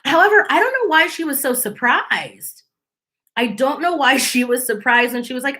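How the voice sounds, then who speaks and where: A young adult woman hosting a casual commentary channel, chatty and animated, mimicking people as she quotes them. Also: high-pitched, moderate pace.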